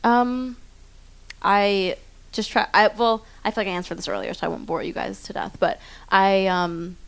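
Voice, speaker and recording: A woman in her twenties sits onstage at a live interview, talking about herself in a bubbly, chatty way. She laughs at herself and trails off into asides. Her voice sits at an ordinary middle pitch. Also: steady tone, moderate pace, clear, resonant tone. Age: 20s. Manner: chatty, bubbly, self-deprecating. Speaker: guest singer. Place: theater stage before an audience.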